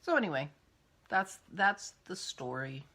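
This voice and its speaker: A woman's voice: low-pitched, big pitch swings, a little slow, sharp tone. An older woman hosting a casual vlog, chatting in a rambling way as she thinks aloud. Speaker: podcast host.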